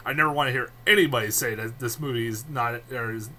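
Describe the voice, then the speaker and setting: A man's voice: mid-range voice, fast, sharp tone, slight background noise. A man giving a casual, rambling film review, swearing freely and laughing often.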